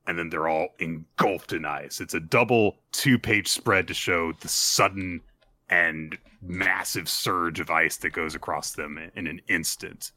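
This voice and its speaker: Deep-voiced man animatedly recapping a chapter. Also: measured pace. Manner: animated retelling, acts out character lines. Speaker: podcast co-host. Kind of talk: casual chat recapping manga chapters.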